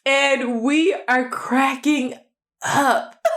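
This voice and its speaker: A woman's voice: high voice, animated. A woman hosting a podcast, telling a personal story, laughing often and checking in with her listeners. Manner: laughs often, drawn-out delivery, keeps asking "okay?". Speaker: podcast host.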